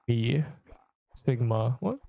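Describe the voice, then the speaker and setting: A man's voice: medium pitch, expressive, slow pace, gravelly, muffled recording. Rambling young male game streamer. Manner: rambling, chats to viewers. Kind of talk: casual live-stream commentary.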